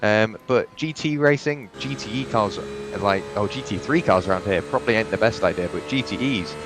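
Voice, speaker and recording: Young man, low-voiced race commentator. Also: moderate pace, background noise. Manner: chatty, rambling with restarts and asides. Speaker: sim racing commentator.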